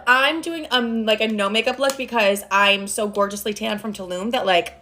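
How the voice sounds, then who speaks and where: A woman's voice: fairly high pitch, normal speed, few pauses, pushed and bright. A young adult woman telling a casual vlog story, frank and profane, rambling with lots of fillers. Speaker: social media storyteller.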